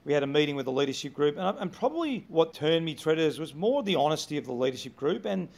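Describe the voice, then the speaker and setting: A middle-aged man with an Australian accent talks in a gravelly, creaky voice pitched a little high. He recounts his coaching years candidly as an interview guest, often restarting his sentences mid-thought. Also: big pitch swings, fast talker, darkish tone. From Melbourne, Australia. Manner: candid, anecdotal, frequent restarts. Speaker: former football coach, guest. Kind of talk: conversational interview storytelling.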